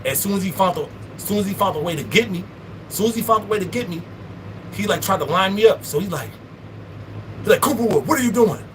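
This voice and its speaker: A man in his thirties spins a story in a loose, profane, slang-filled way, tripping over and restarting his lines as he goes. His voice sits a touch higher than most men's, with a faint hiss of noise under the recording. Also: quick pace, long pauses, fairly bright tone. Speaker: vlogger. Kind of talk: storytime monologue.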